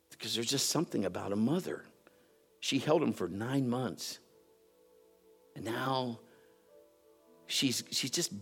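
A middle-aged pastor tells family stories in his sermon, playfully mimicking people and doing loud impressions. His voice is mid-range and creaky.

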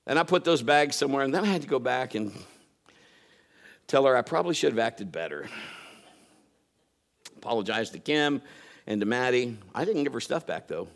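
A middle-aged man, a pastor giving a sermon as an animated storyteller who acts out conversations. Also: medium pitch, normal speed, creaky, pauses often.

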